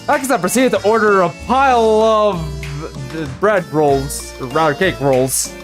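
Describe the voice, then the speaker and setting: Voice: mid-range voice, unhurried, music in the background. A reader narrating a game's story aloud, with frequent fillers and restarts.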